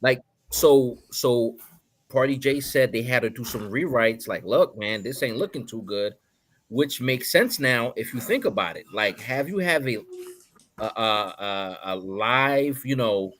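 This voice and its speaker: A man's voice: mid-range voice, lively intonation, a little slow, fairly bright tone. Emphatic man explaining on a podcast. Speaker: podcast co-host. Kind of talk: casual chat.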